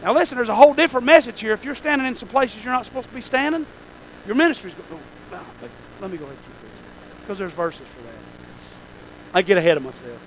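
A man preaching a sermon, with folksy asides, dropping to a hush and then rising to near-shouting. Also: sits high, lively intonation, brisk, a little hiss or hum, poor audio.

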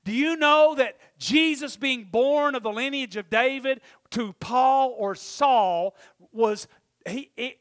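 A man preaching a sermon in church, emphatic, swinging from loud exclamations to quiet murmurs. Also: extremely high pitch. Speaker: pastor.

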